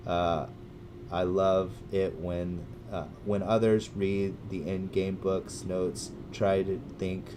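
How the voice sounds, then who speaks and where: A man with a Californian American accent chatting casually with his livestream viewers, rambling and hesitant with many restarts, breaking into loud cheerful greetings. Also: low-pitched, flat delivery, slow pace, background noise. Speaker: gaming livestreamer.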